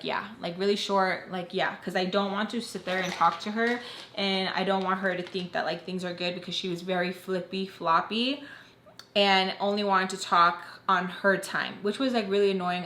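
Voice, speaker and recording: A woman's voice: medium pitch, pushed and bright. Young female vlogger, rambling casual storyteller, roomy echo. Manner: chatty, heavy use of "like", acts out quoted voices.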